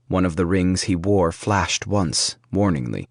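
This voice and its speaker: A man narrating a fantasy audiobook in a measured storytelling manner. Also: sits low, expressive, creaky, no echo, clean studio sound.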